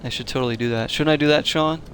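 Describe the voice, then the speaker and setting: A man's voice: on the high side, fast, fairly bright tone, slight background noise. A man hosting a casual let's-play, chatting and joking with viewers and laughing often as he plays. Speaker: gaming channel host.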